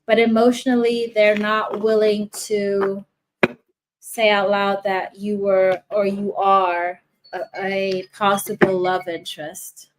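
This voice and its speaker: A woman's voice: medium pitch, flat delivery, slow, background noise. A woman giving a casual tarot reading to viewers, rambling with frequent restarts and asides. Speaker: tarot reader.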